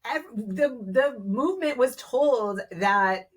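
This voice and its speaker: A podcast guest speaking in a thoughtful, measured way, with fillers like "um" and "you know". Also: medium pitch, expressive. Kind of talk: casual podcast conversation.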